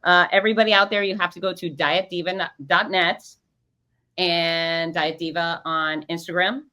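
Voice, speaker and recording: Upbeat lady host, kinda low voice but bright and punchy, hyping up the audience. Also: steady tone, moderate pace. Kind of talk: casual chat.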